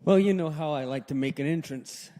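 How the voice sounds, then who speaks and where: A man in his sixties doing a stand-up set at a live open mic, deadpan, dropping low and quiet for his punchlines. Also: a little fast. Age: 60s. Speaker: stand-up comedian. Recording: long reverb in a hall.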